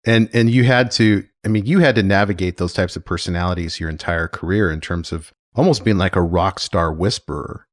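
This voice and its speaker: Deep-voiced man asking interview questions. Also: a little fast, hardly any pauses, dry recording, studio quality. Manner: attentive, prompting.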